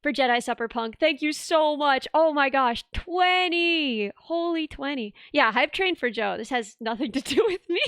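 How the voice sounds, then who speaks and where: A woman's voice: high-pitched, normal speed, few pauses, dry recording, studio quality. A woman hosting a live stream, chatting casually and gushing thanks to her donors. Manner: excitable, squealing thanks to donors. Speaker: streamer host.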